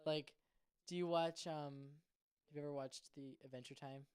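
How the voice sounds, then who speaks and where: A young man co-hosting a casual podcast, rambling excitably and swearing freely. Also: a little high, moderate pace, clean tone. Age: young adult. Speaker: podcast co-host. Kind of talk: casual chat.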